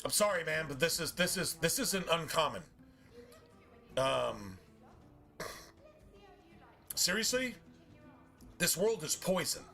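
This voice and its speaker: A man's voice: on the high side, sing-song, slow pace, creaky, long pauses, sharp tone, faint music behind. A man streaming a game and ranting casually, swearing often in a preachy, emphatic way. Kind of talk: casual rant while gaming.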